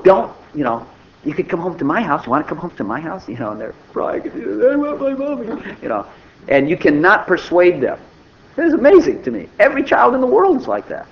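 An older man giving an informal, conversational sermon, acting out little dialogues as he goes. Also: on the high side. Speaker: preacher. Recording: dull lo-fi recording with faint noise.

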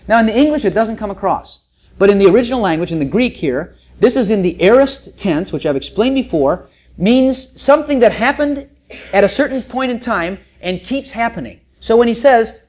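A preacher teaching a sermon, telling the story in a folksy, joking way, with loud bursts, quiet asides and stammering restarts. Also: mid-range voice, lively intonation, brisk.

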